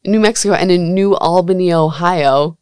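Dry, smooth-voiced woman hosting a podcast. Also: fairly low pitch, normal speed, a little mellow, no room sound. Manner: chatty, laughs often, blunt and sarcastic. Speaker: podcast host. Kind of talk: casual podcast chat.

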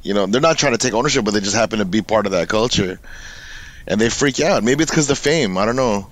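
A man's voice: on the low side, lively intonation, quick pace. A man from Los Angeles talking casually as a podcast guest, laid-back and swearing freely, acting out quotes.

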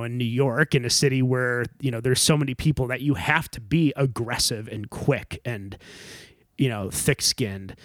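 A man's voice: medium pitch, dry recording, studio quality. A man from the northern United States co-hosting a casual conversation, thinking aloud with many fillers and restarts. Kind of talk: casual chat.

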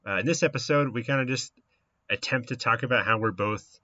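A man's voice: medium pitch, a little fast, pushed and bright, no room sound, lo-fi sound. A man co-hosting a podcast, chatting casually and rambling with lots of fillers. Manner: easygoing, rambling with frequent fillers. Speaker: podcast co-host.

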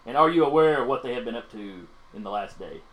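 A man's voice: medium pitch, animated, fast talker, a bit bright, close to an everyday voice, low-quality recording. A man voicing a stern male FBI agent who asks terse, formal questions in a tabletop game.

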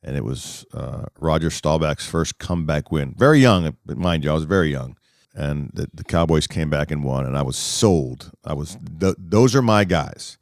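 Guest: low-pitched man from D.C., lively storyteller, dry close mic. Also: normal speed, dry recording. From Washington, D.C., US. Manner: lively storyteller, acts out other people's lines. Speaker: guest, sports media figure. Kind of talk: animated anecdote telling.

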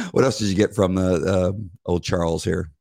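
A man's voice: low-pitched, gravelly, dark tone. A middle-aged man hosting a devotional podcast in a playful, rambling casual chat, laughing easily. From United States. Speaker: podcast host.

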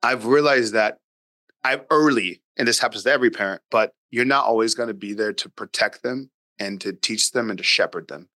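A man's voice: lowish voice, a little fast, bright, forceful tone, dry recording. A man guesting on a parenting podcast, talking casually and emphatically, acting out talks with his daughter, blunt and sometimes swearing. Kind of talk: casual interview talk.

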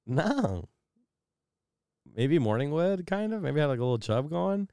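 A man's voice: on the high side, big pitch swings, normal speed, mellow, clear, resonant tone, no echo, clean studio sound. A young man co-hosting a podcast, rambling through crude stories and laughing often. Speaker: podcast co-host. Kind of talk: casual chat.

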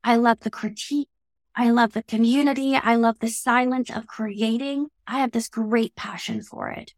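A Canadian woman with a Canadian English accent, a guest in an interview, talking in a thoughtful, measured way. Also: fairly high pitch, steady tone, no room sound, clean studio sound. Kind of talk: reflective conversational interview.

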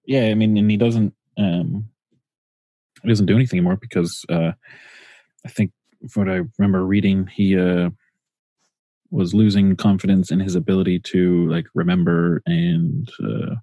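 A man with a low, dark, mellow voice banters in a dry, laid-back way. He fills his talk with "like" and "uh" as he goes. The sound is close and dry. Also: flat delivery, moderate pace, no room sound. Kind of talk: casual chat.

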